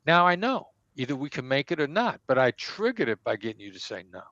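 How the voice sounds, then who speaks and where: A man's voice: mid-range voice, big pitch swings, fast, a bit bright, no room sound, lo-fi sound. A man, a negotiation expert, answering interview questions and acting out sample dialogue to make his points. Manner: emphatic, acts out example dialogue.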